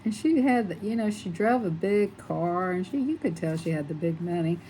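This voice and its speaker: Chatty low-voiced woman, rambling. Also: expressive, normal speed, mellow, slight background noise, rough recording. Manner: rambling, chatty, laughs often. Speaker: coloring channel host. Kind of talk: casual chat while coloring.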